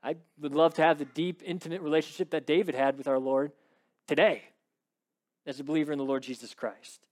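A man's voice: a little high, fairly even intonation, fairly quick, a little mellow. A male pastor preaching a sermon, emphatic, with rhetorical questions and repeated phrases. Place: church service.

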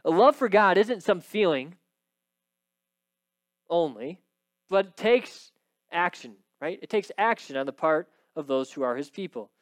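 A man preaching a sermon, emphatic and steady, often tagging points with a quick "right?". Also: sits high, no room sound, clean studio sound. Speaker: pastor.

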